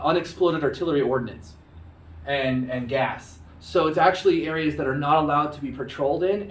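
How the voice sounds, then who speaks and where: A man's voice: a little high, reverberant, distant mic. A man teaching history in a casual recorded lecture, chatty, acting out bits of dialogue in joking voices, recorded on a phone.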